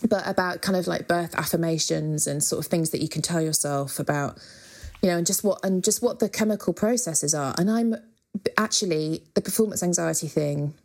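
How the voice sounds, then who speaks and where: A woman's voice: fairly low pitch, fairly quick, creaky, a little mellow. A woman, a musician, talking frankly and chattily as a guest in an interview. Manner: frank, chatty, with many fillers and casual swearing. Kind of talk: candid interview conversation.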